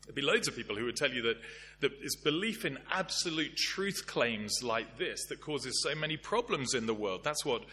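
A man preaching a sermon in a church service, with a measured, emphatic delivery that slows to stress key phrases. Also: mid-range voice, animated, bright, forceful tone, a little hiss or hum.

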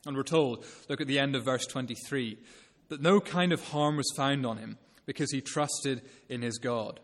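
A man preaching an earnest, measured expository sermon. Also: medium pitch. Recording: long reverb of a hall.

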